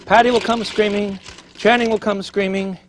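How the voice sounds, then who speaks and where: A middle-aged man hosting a TV cooking show, chatty and animated, thinking aloud as he cooks in a studio kitchen. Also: high voice, moderate pace, noisy background. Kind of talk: TV cooking demonstration. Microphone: broadcast mic.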